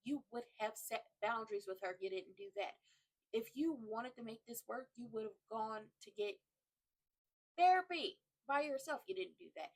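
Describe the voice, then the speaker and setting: A woman hosting a soap opera recap, talking in a blunt, animated, profane, casual way. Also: on the high side, normal speed, rough recording.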